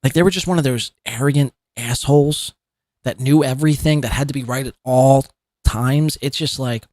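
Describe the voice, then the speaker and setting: A man's voice: medium pitch, moderate pace, a little mellow, no echo, clean studio sound. Sarcastic male podcast host. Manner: sarcastic, mocking, laughs at what he reacts to. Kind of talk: mocking commentary.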